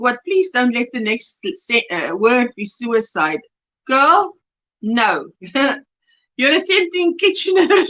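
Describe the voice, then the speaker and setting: South African woman, livestream host, high voice, bright tone, chatty, laughs often. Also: rough recording. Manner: reads chat messages aloud warmly, laughing often. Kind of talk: casual livestream chat.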